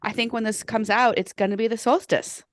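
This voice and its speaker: A woman's voice: on the high side, steady tone, brisk, no room sound. Chatty woman podcast host, dry close mic. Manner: chatty, many ums and likes, laughs easily. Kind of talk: casual podcast chat and reading guest bios.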